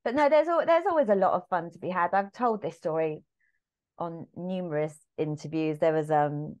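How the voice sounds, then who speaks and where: A woman with an English accent, a musical theatre actress chatting as a podcast guest and telling lively anecdotes, acting out the lines she quotes. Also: fairly low pitch, moderate pace, muffled recording. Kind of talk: casual anecdotal chat.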